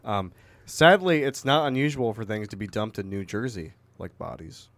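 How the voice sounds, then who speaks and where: A man's voice: fairly low pitch, normal speed, no room sound. A young man co-hosting a podcast, chatting bluntly with lots of swearing and reading news stories aloud. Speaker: podcast co-host. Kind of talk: casual chat.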